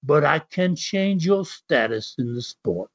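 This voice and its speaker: A man's voice: a little high, animated, slow pace, heavily acted. A man voicing a haughty English wrestler with a put-on English accent, speaking in a pompous, formal way. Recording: dull lo-fi audio.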